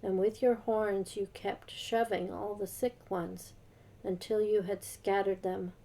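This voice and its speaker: Woman, co-host, slow deliberate scripture reading, mellow tone. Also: mid-range voice, level tone, vocal fry. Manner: slow, measured reading aloud.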